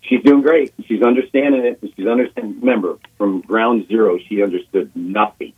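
A man in his sixties, a guest on sports radio, telling an animated story and acting out quotes, repeating himself as he goes. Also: lowish voice, brisk, breathy edge. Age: 60s. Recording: phone-line call on radio.

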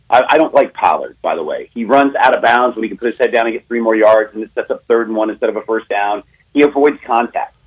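A man with a slightly low, husky voice talks into a studio mic on a sports radio show. He tells a betting story fast and with emphasis, and acts out both sides of a phone call. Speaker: sports betting analyst guest.

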